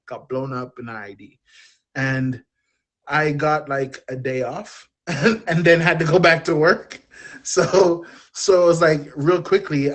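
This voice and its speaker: A man in his thirties with a relaxed drawl, talking candidly as a podcast guest. He wanders from thought to thought and pokes fun at himself, at an everyday middle pitch. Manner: open, self-deprecating, rambling. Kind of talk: candid personal storytelling.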